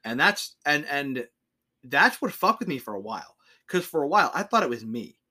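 A man's voice: on the high side, sing-song, normal speed, bright, forceful tone. A young man co-hosting a podcast, chatting casually and ranting with plenty of swearing. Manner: profane, ranting. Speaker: podcast co-host. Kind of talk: casual chat.

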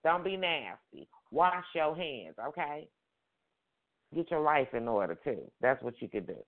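A woman's voice: sits low, very animated, unhurried. Sassy woman host over a tinny phone line. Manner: sassy, repetitive exhortations, call-and-response. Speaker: radio talk show host. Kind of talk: casual motivational prayer-line talk.

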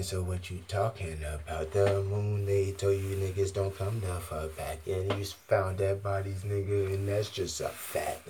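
A man with a low-pitched voice stands on an arena stage, delivering a profane, free-associating monologue into a handheld mic. Background noise is audible behind his rambling freestyle.

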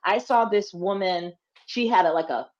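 A woman's voice: mid-range voice, moderate pace, darkish tone, dull audio. A woman co-hosting a casual chat, frank and blunt as she tells stories. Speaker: podcast co-host.

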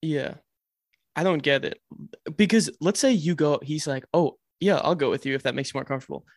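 A man's voice: fairly high pitch, a little fast, no room sound, studio quality. A young man cohosting a podcast, giving dating advice in a wry, mock-authoritative way.

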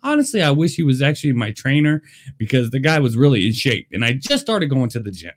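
A man chatting excitedly in a casual taste-test vlog, talking to his viewers. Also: medium pitch, fast talker. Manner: excitable, chatty, lively delivery. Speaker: vlogger. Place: Las Vegas.

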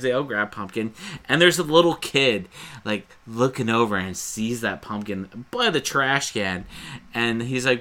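A man's voice: medium pitch, moderate pace, sharp tone. A man co-hosting a podcast, casually chatting and swearing as he rambles through a movie retelling. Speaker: podcast co-host. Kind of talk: casual chat.

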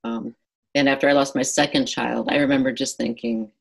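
A woman's voice: rumbling low, little pitch movement, moderate pace, creaky, low-quality recording. A middle-aged woman, a guest author, earnestly telling a personal story in an interview and acting out her past dialogue.

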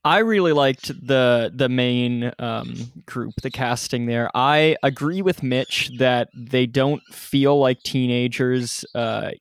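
Slow, word-searching man discussing film. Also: mid-range voice, smooth, no room sound, clean studio sound. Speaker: podcast co-host. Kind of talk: casual movie review chat.

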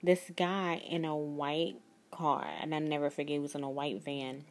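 A woman's voice: low-pitched, little pitch movement, normal speed. Earnest woman. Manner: earnest, emphatic, speaks of God. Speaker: spiritual life coach. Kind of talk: personal storytelling to viewers.

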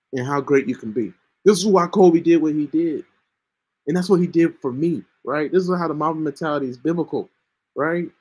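Earnest man with a slightly raised pitch, hosting a casual faith podcast with coughing fits. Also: darkish tone, husky. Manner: earnest, keeps asking "right?". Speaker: Christian podcast host. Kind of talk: casual Bible-teaching monologue. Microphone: home computer mic with screen sharing.

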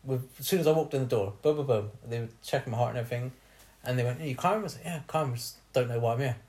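A man's voice: mid-range voice, very fast, warm tone. A young man telling a bawdy story on a casual podcast, laughing often as he acts out what people said.

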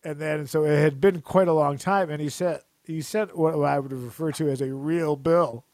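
A man's voice: a little high, fairly even intonation, moderate pace, darkish tone, no room sound, clean studio sound. A man co-hosting a casual chat, rambling and joking, often breaking into laughter. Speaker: podcast co-host.

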